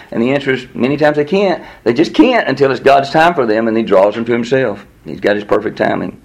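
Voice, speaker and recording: A man's voice: a little fast, gravelly, few pauses, breathy edge. A man preaching a sermon in a conversational way, acting out the quotes and chatting with the listeners. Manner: animated, acts out quotes with rising pitch; conversational, with laughs and audience asides. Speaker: pastor.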